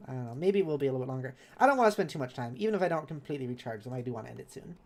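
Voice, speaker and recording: A woman's voice: extremely low pitch, lively intonation, racing, darkish tone, a little hiss or hum. A woman streamer in casual live chat while gaming, reading viewers' messages aloud and answering them kindly. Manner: chatty and self-correcting, with laughs.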